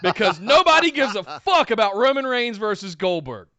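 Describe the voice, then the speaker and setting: Bright, high-voiced exasperated podcast man. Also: big pitch swings, moderate pace, no room sound. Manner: exasperated, venting, sarcastic. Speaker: podcast co-host. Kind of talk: casual wrestling podcast chat.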